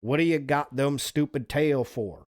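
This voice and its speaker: A man's voice: fairly high pitch, a little slow, darkish tone, no echo, studio quality, natural voice. A man voicing a terrified old backwoods hunter with a Southern twang, babbling in fear. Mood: panicked. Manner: babbling, frightened.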